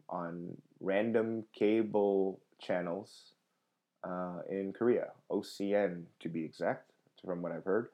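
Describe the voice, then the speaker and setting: A man's voice: deep voice, highs cut off. A man in his thirties, a comedian hosting a live podcast, chatting casually with viewers, rambling with lots of fillers and restarts. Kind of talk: casual live chat reading viewer comments.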